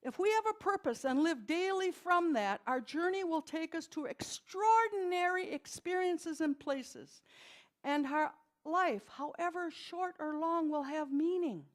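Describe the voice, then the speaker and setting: An older woman minister delivers a sermon in a notably high voice. She talks in a folksy, storytelling way and slips in dry, wry humor. She is from Milwaukee and preaches in a church. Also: measured pace. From Milwaukee, USA.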